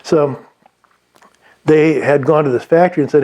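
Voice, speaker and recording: A man's voice: fairly high pitch, moderate pace, pauses often, a little mellow, dull audio. A man giving unscripted sales advice, rambling with many restarts and fillers. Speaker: sales trainer.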